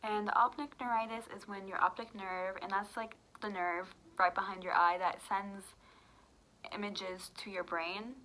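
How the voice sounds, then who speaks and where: Bright-voiced young woman telling a story. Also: mid-range voice, fairly even intonation, unhurried, slight background noise, low-quality recording. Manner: chatty, many fillers, acts out quoted dialogue. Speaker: storytime vlogger. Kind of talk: casual storytime.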